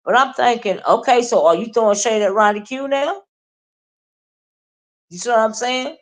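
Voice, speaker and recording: A woman's voice: a little high, normal speed. A woman streamer giving a casual, meandering commentary monologue, full of fillers and restarts. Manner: chatty, meandering, with many fillers; loud mocking imitations, laughing.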